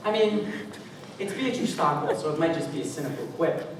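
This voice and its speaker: A man's voice: on the high side, animated, brisk, lightly acted. A man playing a wistful, rambling show-tune fan who confides in the audience, recorded from far off in an echoey school hall. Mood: musing. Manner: musing, confiding, rising to exclamations. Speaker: stage actor. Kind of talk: school stage musical acting. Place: school auditorium stage. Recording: echoey hall, distant mic, noisy.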